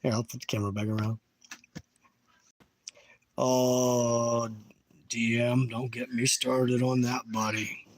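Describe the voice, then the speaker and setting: A middle-aged man casually chatting about his field photos, animated, jokey and blunt. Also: medium pitch, slow, pauses often, rough recording. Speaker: bigfoot researcher.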